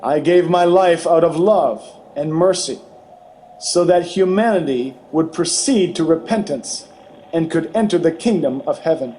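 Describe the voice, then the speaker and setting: A man voicing a grave, tender Jesus who speaks slowly and solemnly in a dramatized testimony reading. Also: fairly high pitch, slight background noise, lightly acted. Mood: sorrowful. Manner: slow, solemn, gently pleading.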